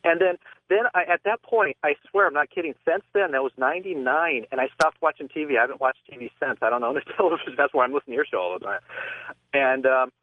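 A man's voice: mid-range voice, dry recording. A man calling in to a radio show, telling a long story in a rambling way with lots of restarts. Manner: rambling, halting with many restarts. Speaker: caller. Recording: tinny phone line.

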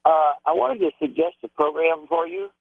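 Male caller from Texas, gravelly voice, thin phone line. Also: on the high side, normal speed, no room sound. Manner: polite, hesitant suggestion. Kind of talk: phone-in chat. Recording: tinny dry phone line.

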